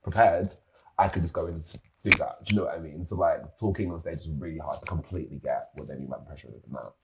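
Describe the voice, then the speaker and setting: Male podcast guest, very deep voice, rapid filler-heavy chatter, slightly muffled recording. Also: fairly even intonation, creaky, heavy background noise. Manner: rapid, filler-heavy talk with lots of "like", bursts of high-pitched laughter. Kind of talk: casual podcast chat.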